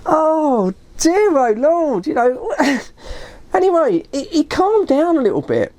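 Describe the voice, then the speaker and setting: Chatty woman, lively rambling story. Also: high voice, takes it slowly. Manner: rambling, self-correcting, often says "you know". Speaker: vlogger. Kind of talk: casual storytelling.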